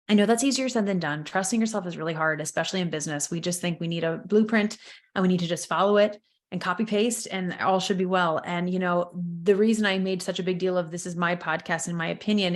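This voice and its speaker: A woman, hosting her own podcast and talking openly and emotionally about her business and personal life. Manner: candid and emotional, lively pitch swings. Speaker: podcast host, business coach. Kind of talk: casual solo podcast talk.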